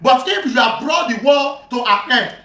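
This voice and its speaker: A bright, high voice that moderates a heated religious debate. It reads scripture in slow, measured lines, then cuts in forcefully and tells others to calm down. The sound carries a roomy echo.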